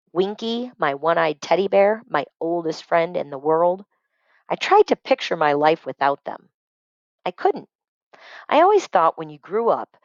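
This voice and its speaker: A woman reads a children's chapter book aloud in a lowish, expressive voice, pausing to explain phrases like a teacher. The recording is dry and a little dull. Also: dry recording.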